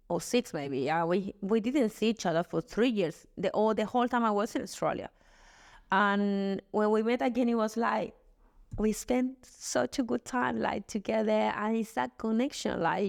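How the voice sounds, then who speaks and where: Female podcast guest, Chilean Spanish accent, native Spanish speaker, candid and expressive. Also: mid-range voice, gravelly. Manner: candid, expressive storytelling with restarts. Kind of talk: casual chat.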